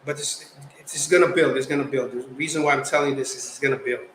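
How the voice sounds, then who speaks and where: A young man from the Philippines, a guest artist telling stories in casual chat, animated and slangy. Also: medium pitch, quick pace. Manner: animated, slangy, acts out quotes. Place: podcast studio. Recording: roomy echo, faint background noise.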